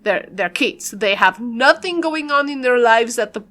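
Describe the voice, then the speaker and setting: Young woman, high voice, casual voiceover, rambling, giggly, filler words. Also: lively intonation, a little slow, sharp tone. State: a bit out of breath. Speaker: YouTuber doing a game build voiceover.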